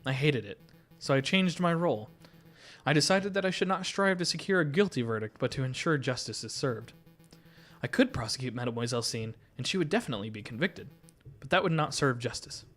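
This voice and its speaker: A man reading the lines of a suave male fox private investigator in a game, speaking in a smooth, courteous, measured way at an everyday mid pitch. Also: expressive, a bit bright, soft background music. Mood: earnest.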